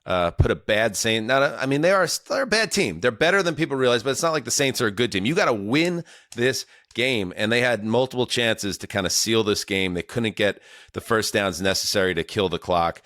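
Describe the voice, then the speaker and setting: A man's voice: lowish voice, fairly quick, no room sound, clean studio sound. A man hosting a sports podcast, chatting casually and jokily with many fillers. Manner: relaxed, many fillers, jokey. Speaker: podcast host.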